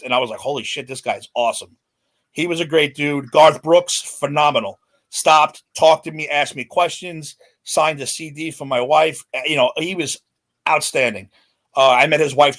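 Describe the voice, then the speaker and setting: A man in his forties, a podcast guest, telling a celebrity story in an excited, animated way. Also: on the high side, moderate pace. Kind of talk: casual storytelling.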